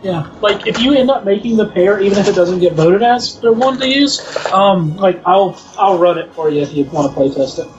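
A man with a notably high voice, chatting and joking with many restarts. The call audio is dull and lo-fi, with faint music underneath. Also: expressive, a little fast. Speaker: tabletop game player. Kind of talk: casual chat on a voice call.

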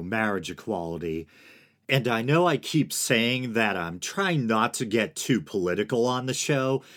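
Wry, rambling man in his forties, low-pitched. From United States. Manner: digressive, wry, chuckles at own asides. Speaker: podcast host. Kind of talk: solo podcast commentary.

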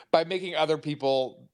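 A man's voice: fairly high pitch, huge pitch swings, takes it slowly. A man co-hosting a casual podcast, a writer who jokes, uses sarcasm and laughs often. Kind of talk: casual discussion.

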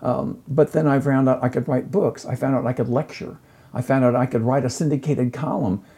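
Man, middle-aged, gravelly, dark husky tone, effusive storyteller, casual chat. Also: mid-range voice, fairly quick. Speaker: guest, chef and lecturer. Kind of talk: casual conversation.

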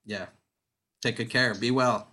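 A man, a podcast guest, telling a story in a casual, halting way with many fillers. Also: medium pitch, steady tone, bright, forceful tone, faint music behind. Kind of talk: casual interview chat.

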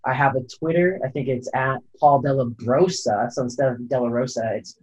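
A man's voice: mid-range voice, steady tone, fairly quick, darkish tone. Rambling guest, a man on a dull line. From California. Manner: rambling, hesitant, many fillers and restarts. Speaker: podcast guest, photographer and climber. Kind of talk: casual interview chat. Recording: dull lo-fi sound.

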